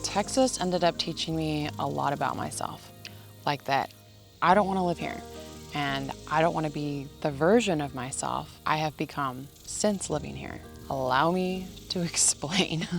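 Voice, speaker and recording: Low-pitched woman vlogger, casual sarcastic monologue recorded outdoors. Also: unhurried, gravelly, soft background music. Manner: sarcastic, joking rant. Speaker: ranch vlogger. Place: outdoors in the shade.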